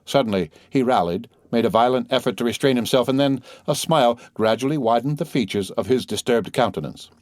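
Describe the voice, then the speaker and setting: A man narrating an audiobook in a measured, even reading style. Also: medium pitch, no room sound, clean studio sound. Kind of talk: scripted narration.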